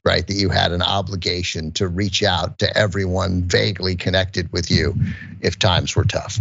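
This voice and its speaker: A man's voice: fairly low pitch, fairly bright tone. A middle-aged man co-hosting a podcast, telling a story in rambling, self-interrupting chat. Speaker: podcast co-host. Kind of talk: casual chat, comic storytelling. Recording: dull, lo-fi, dry sound.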